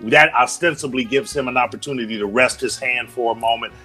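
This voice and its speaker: Brief: male radio co-host, mid pitch, measured news reading, faint music behind. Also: bright, forceful tone, slightly rough. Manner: measured news reader, brief agreeing interjections. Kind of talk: reading news and casual chat.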